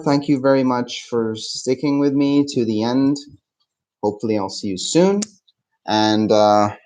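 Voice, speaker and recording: A young Egyptian man teaching his language on a live stream, answering viewer questions in a relaxed way and often laughing. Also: medium pitch, low-quality recording. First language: Egyptian Arabic.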